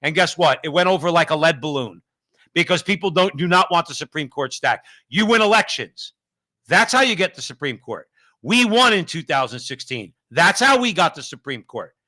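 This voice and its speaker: Fiery, high, bright-voiced male host. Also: expressive, normal speed. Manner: fiery, rising to shouts, stacked rhetorical questions. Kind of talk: political talk show commentary.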